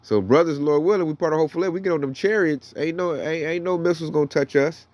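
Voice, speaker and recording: A man's voice: a little high, quick pace, a little mellow, dry recording, lo-fi sound. A man teaching the Bible in a casual, slangy preaching style, reading verses aloud between his comments. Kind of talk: casual sermon with scripture reading.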